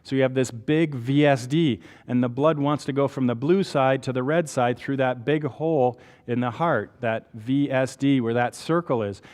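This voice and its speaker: A man's voice: mid-range voice, normal speed, hardly any pauses, darkish tone. Canadian man lecturing in a reverberant hall. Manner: explains step by step, asks rhetorical checks like "right?". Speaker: medical lecturer. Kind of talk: conversational lecture.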